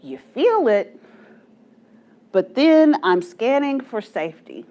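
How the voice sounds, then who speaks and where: Woman in her forties, group leader, fairly high voice with a lot of swing, laughs often and pokes fun at herself. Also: slow pace. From Texas, USA. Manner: animated, laughs often, self-mocking humor. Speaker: church study group leader. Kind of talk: storytelling talk to a group.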